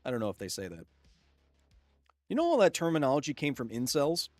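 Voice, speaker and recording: A man's voice: medium pitch, wildly swooping pitch, brisk, a little mellow, no room sound, soft background music. Chatty male game streamer, dry close mic. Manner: chatty, jokey, reads chat aloud and laughs often. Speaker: gaming livestream host. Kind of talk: casual live-stream chat.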